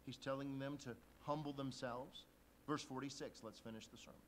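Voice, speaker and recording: A man preaching a sermon as a pastor, shifting from quiet, intimate talk to loud emphasis. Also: medium pitch, steady tone, normal speed, a little hiss or hum.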